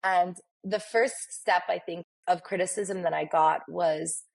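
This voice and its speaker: Gravelly, husky woman telling stories. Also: fairly low pitch, measured pace. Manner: animated, acts out quoted dialogue. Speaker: podcast guest, makeup artist. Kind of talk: casual interview storytelling.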